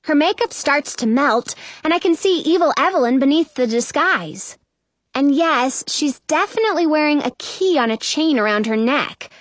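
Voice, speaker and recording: A woman narrating a children's story in the first person, chatty and expressive. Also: high voice, normal speed, dry recording. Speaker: audiobook narrator.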